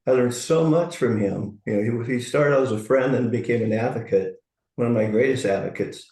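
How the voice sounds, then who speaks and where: Gravelly low-voiced man in a roomy space. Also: fairly quick, a little mellow. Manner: reflective, earnest storytelling. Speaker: co-host. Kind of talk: casual chat.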